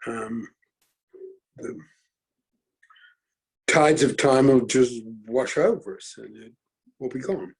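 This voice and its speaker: Gravelly husky middle-aged guy talking slow, lots of ums and restarts, thinking out loud. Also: medium pitch, low-quality recording. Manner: slow and halting, many fillers and restarts. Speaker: forum host and speaker. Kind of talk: reflective talk, thinking aloud.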